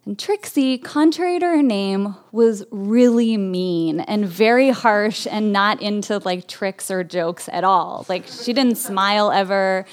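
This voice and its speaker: A woman's voice: medium pitch, a little slow, hardly any pauses. A woman from Berkeley, California telling a personal story in a chatty way, with lots of "like" fillers.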